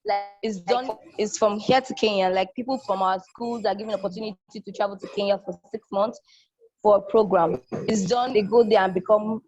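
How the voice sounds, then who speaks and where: A young woman in college delivers a casual, enthusiastic testimonial, echoing phrases for emphasis and voicing the people she quotes. Her mid-range voice is steady, a little fast and a little mellow, over soft background music in a dull, lo-fi, dry recording.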